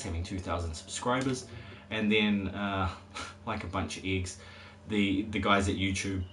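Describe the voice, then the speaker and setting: A man's voice: low-pitched, a bit bright, slight background noise. A man chatting casually on a live stream while he plays, rambling, chuckling often and swearing at the game.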